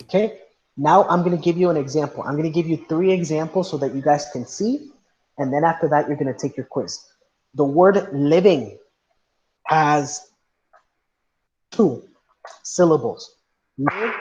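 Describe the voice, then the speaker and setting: A man's voice: fairly high pitch, quick pace, a little mellow. Patient male teacher, dull lo-fi sound. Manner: patient, questioning, mixes in Spanish. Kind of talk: online class lesson. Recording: dull lo-fi audio.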